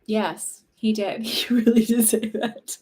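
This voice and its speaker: A woman talking casually on a livestream as a psychic medium, chatty and warm, with lots of "like" fillers. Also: on the high side, steady tone, slow, slightly rough. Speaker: psychic medium hosting live readings.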